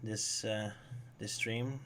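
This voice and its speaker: A man's voice: fairly low pitch, fairly even intonation, slow pace, a bit bright. A man hosting a casual live-stream chat, talkative and joking, with frequent hesitant fillers. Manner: chatty, laughs often, hesitant fillers. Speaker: podcast host.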